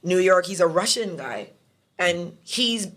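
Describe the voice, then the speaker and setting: Bajan male guest, casual storyteller, animated, does voices. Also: high-pitched, a little slow. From Barbados. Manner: animated storyteller, mimics other people's voices. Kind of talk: casual chat.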